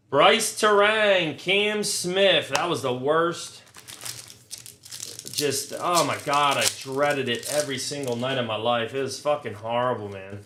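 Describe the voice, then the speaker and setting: A man's voice: fairly high pitch, measured pace, pushed and bright. Blunt, profane male card-break host. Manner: blunt, profane, sarcastic rants between listing cards. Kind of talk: casual live card-break commentary. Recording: echoey room, faint noise. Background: crinkling card wrappers, clicks.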